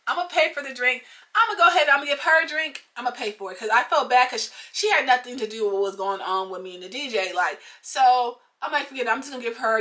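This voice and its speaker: A fairly high, bright and forceful woman's voice, telling a story straight to camera. She talks in loose slang and swears freely, and her animated rant keeps flaring into angry bursts. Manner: animated, profane, slangy retelling with outbursts. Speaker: vlogger. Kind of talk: casual storytime venting.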